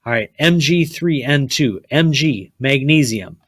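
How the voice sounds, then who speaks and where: A man's voice: mid-range voice, expressive, slow pace, fairly bright tone, no echo. A man teaching a chemistry lesson, blunt and repetitive, often checking with "okay?" and telling students to write things down. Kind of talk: classroom lecture.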